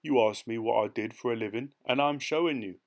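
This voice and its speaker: A man's voice: medium pitch, fairly quick, lightly acted. A man doing a cocky pickpocket. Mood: proud. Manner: boastful, cheeky, slangy. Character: cocky boastful male London pickpocket, sly. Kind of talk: audiobook character voice.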